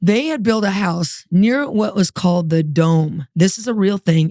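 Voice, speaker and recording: A woman as a guest, telling her testimony in a lively, streetwise way and acting out the dialogue. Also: on the low side, normal speed, few pauses, dry recording, studio quality. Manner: animated, acts out dialogue, streetwise. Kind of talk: testimony storytelling.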